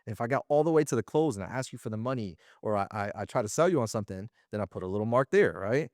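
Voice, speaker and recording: A man talking as an interview guest about running a sales business, in slangy, animated casual speech. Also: fairly low pitch, racing, dry recording, clean studio sound. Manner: slangy and animated, often acting out little quoted exchanges.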